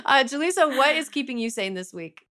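A woman's voice: high-pitched, animated, brisk, pushed and bright. A woman hosting a podcast, leading a casual chat in an emphatic, playful way. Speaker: podcast host.

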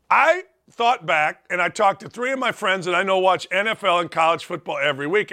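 A man hosting a sports talk show, delivering a blunt, emphatic, opinionated monologue and repeating his points for punch. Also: high-pitched. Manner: blunt, emphatic, repetitive, acts out shouted quotes.

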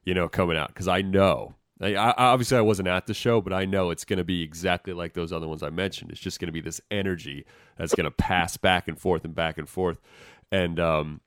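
A man hosting a podcast, chatting excitedly like a fan about concert recordings. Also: low-pitched, a little fast, no room sound, studio quality. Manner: excited fan talk, listing bands. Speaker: podcast host. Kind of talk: casual podcast interview.

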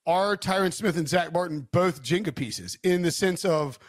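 A man's voice: high voice, normal speed, no echo, clean studio sound. A male co-host in a casual sports betting chat who rambles, restarts his thoughts and leans on filler words.

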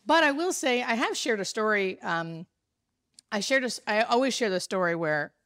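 A woman, a hospice nurse telling a story in casual chat, animated and full of fillers. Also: a little high, normal speed, no room sound, studio quality. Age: 30s.

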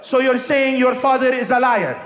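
A comedian doing a shouting, never-satisfied dad. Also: male voice, extremely high pitch, moderate pace, some chatter behind, a little hiss or hum. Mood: indignant. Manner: shouting, indignant, sarcastic. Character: exasperated demanding Arab father, loud and mocking. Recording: echoey hall with audience.

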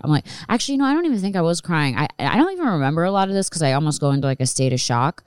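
Podcast host, woman, 30s, rambling profane monologue, crisp and clean, no room sound. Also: low voice, animated, very fast, few pauses, a little mellow, dry recording, studio quality. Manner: candid, profane, rambling with restarts. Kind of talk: casual storytelling monologue.

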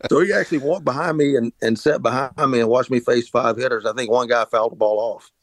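A middle-aged former pitcher hosting a podcast drifts through a long, casual story, with many restarts, filler words and "uh"s. He talks fast at a medium pitch, and there's no room sound.

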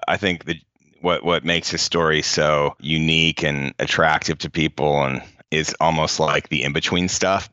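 Super deep voiced guy, easygoing author guest, kinda dull muffled line. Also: pushed and bright, no room sound. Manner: easygoing, self-deprecating. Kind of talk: casual interview chat.

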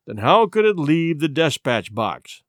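A man's voice: fairly high pitch, big pitch swings, measured pace, dry recording, clean studio sound. A man voicing a stern older male prime minister who speaks in a grave, insistent tone.

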